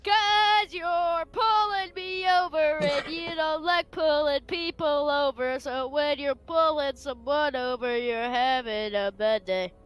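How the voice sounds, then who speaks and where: A woman plays a jittery, erratic male driver in a voice chat role-play. The voice is high and bright and swings widely, and the words come slowly. Faint music plays behind it. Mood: arguing. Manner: yells sudden denials and stammers. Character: erratic, jumpy male driver pulled over by police.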